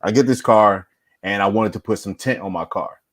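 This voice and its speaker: A man with a lowish voice tells an anecdote at an easy, chatty pace. The recording is dry and close, with no room sound. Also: normal speed, a bit bright, dry recording. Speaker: discussion panelist. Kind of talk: casual chat.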